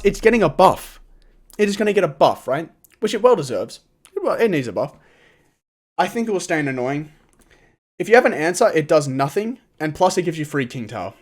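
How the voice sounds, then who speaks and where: A young man giving casual, opinionated gaming commentary, often exasperated and restarting his sentences. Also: on the high side. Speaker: gaming YouTuber. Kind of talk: casual tier-list commentary.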